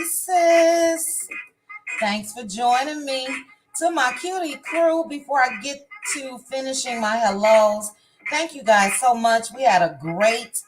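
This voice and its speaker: A woman's voice: on the high side, rough recording. A woman hosting a casual livestream, reading viewer comments and greeting each viewer by name. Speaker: livestream host. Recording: music playing behind the voice.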